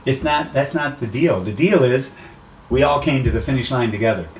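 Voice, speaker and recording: A middle-aged man chats casually and with animation, leaping up in pitch whenever he acts out what people say. He sits back from the microphone, so his voice comes across roomy and distant. A faint hiss lies under it. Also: a little fast. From USA. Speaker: race announcer guest. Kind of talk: casual interview chat. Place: outdoors by the sea.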